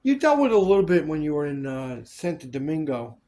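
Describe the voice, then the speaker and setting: A man recounts stories in a relaxed chat with a slightly high voice. He is animated, switching into other people's voices as he quotes them, and drops swear words freely. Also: fairly quick. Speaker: storyteller recalling film work. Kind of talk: casual chat.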